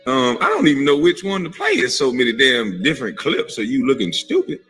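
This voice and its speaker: A man's voice: medium pitch, wildly swooping pitch, brisk, a bit bright, breathy edge, soft background music. A man talking in a mocking, exasperated way in a casual livestream clip.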